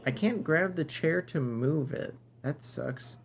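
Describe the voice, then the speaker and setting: Slow-talking man streaming a game. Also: fairly high pitch, vocal fry, a little hiss or hum. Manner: playful, musing aloud, chatting with viewers. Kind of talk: live game commentary.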